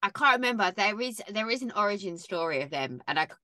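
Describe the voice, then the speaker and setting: A woman co-hosting a casual podcast chat, often chiming in with quick agreement. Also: mid-range voice, lively intonation, sharp tone, no room sound, studio quality. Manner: agreeable, quick backchannel replies. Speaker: podcast co-host.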